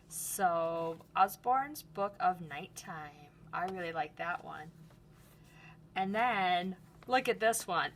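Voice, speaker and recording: Slow, gentle woman reading to kids. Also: medium pitch, a little hiss or hum. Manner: gentle, slow and enthusiastic, addressing children. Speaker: art teacher. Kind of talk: book read-aloud lesson for children.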